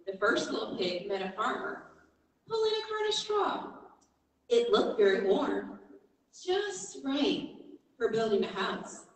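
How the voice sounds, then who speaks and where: A woman preacher telling a story within a sermon, animated and emphatic. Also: a little high. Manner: animated, emphatic, rising to exhortation. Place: church. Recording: echoey church hall from far off.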